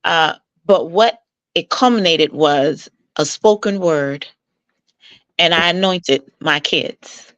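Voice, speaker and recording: A woman with a slightly low voice tells stories from her coaching work in a lively, persuasive way. She slips into the voices of the people she quotes as she goes. The sound is dry and close, with no room echo. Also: slow, highs cut off. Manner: animated, acts out quoted dialogue with jumps in pitch; warm, persuasive, mentoring tone. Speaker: marital coach, interview guest. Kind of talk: conversational storytelling.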